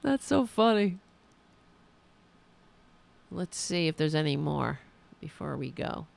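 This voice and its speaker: A woman hosting a live political podcast, mocking what she watches and reading out viewer comments. She talks at an unhurried pace in a gravelly, bright voice, and her pitch jumps around a lot as she reacts. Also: sing-song. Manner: sarcastic, mocking, reads viewer comments aloud. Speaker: podcast host.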